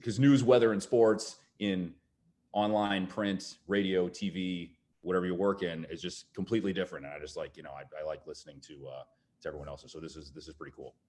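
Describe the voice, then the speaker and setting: A man's voice: low-pitched, steady tone, fairly quick, darkish tone. A man speaking casually and in an easygoing way on a panel. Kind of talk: panel discussion.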